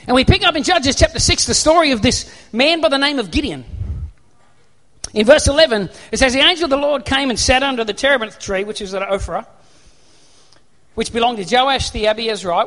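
Man preaching, animated and funny, very high voice, bright, long hall echo. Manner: animated, humorous storytelling. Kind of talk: sermon. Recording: echoey hall reverb.

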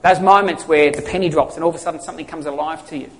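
High-voiced male preacher in a reverberant hall. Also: fairly even intonation, racing. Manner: conversational preaching, quiz-style questions to the congregation. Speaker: pastor. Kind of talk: sermon.

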